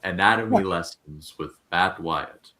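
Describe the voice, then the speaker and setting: A man co-hosting a casual recap, with a low voice. He mostly chimes in with brief, wry quips. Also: unhurried, bright, forceful tone. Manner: wry one-liners. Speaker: podcast co-host.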